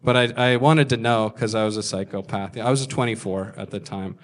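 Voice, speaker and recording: Speaking briskly in a lowish, steady voice, this man in his thirties does stand-up storytelling. His material is crude and self-deprecating, and he keeps dropping into impressions of other people.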